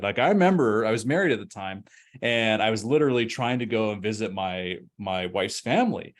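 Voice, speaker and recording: Energetic man presenting a webinar. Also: fairly low pitch, a little fast. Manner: energetic, conversational storytelling. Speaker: restaurant owner and consultant.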